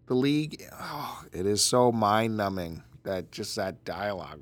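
A man co-hosting a podcast, trading teasing banter and laughing often, a little hoarse from losing his voice. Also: fairly low pitch, animated, measured pace. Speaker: podcast co-host. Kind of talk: casual banter.

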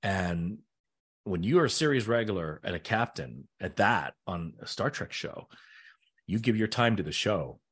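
A man's voice: sits low, moderate pace, husky. A middle-aged man, an actor, telling stories in a casual interview and acting out the voices of people he quotes. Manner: animated, acts out quoted voices. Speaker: actor and guest.

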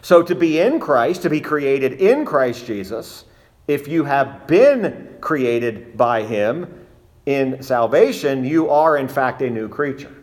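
A man preaching an expository sermon in a measured, emphatic way, slowing down to stress key phrases. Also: medium pitch, expressive.

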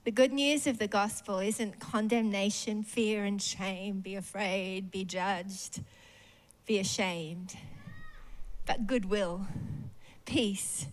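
A woman preacher giving a sermon in a church service. She talks expressively and animatedly and often laughs. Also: medium pitch.

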